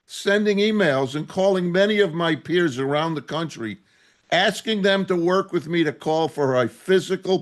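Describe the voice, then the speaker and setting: A male rabbi giving an impassioned, indignant sermon with emphatic, repeated phrases. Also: high-pitched.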